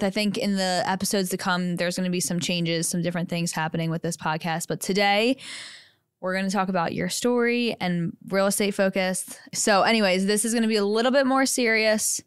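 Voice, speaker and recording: A woman's voice: mid-range voice, moderate pace, clear, resonant tone, no echo, studio quality. A woman hosting a podcast, playful and teasing as she chats with her guest. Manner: playful, teasing, laughs often. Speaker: podcast host. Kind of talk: casual podcast interview.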